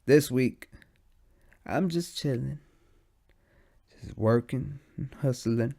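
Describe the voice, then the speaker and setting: Gravelly, rambling stoned man. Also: mid-range voice, slow, pauses often, warm tone. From United States. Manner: rambling, slangy, profane. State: high and sleepy. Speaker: podcast host. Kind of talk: casual stoned monologue.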